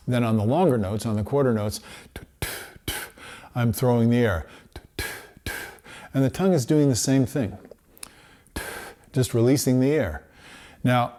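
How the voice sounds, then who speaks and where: A man teaching trumpet, explaining technique in a relaxed way and sounding out practice syllables. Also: medium pitch. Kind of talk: instructional lesson.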